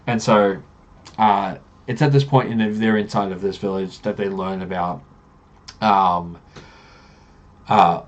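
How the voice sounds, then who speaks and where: A man's voice: on the low side, steady tone, unhurried, pauses often, highs cut off. A man, a game master recapping a tabletop campaign in loose, rambling storytelling.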